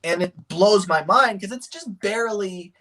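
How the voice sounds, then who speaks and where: A man streaming a casual chat, excited and animated, laughing often and slipping into voices. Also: high voice, unhurried, a little hiss or hum, low-quality recording.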